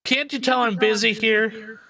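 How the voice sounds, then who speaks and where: A man voicing a gruff, foul-mouthed male stablemaster who barks orders and curses impatiently. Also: sits high, fairly even intonation, unhurried, bright, forceful tone, pitched above the performer's own voice, exaggerated voice. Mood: exasperated. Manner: barking, cursing, impatient.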